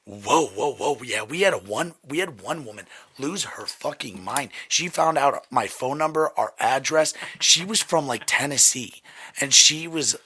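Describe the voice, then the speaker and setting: A man's voice: mid-range voice, expressive, normal speed, pushed and bright, husky, dry recording. A man in his thirties hosting a podcast, laid-back, joking and profane. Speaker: podcast host. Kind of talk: casual podcast chat.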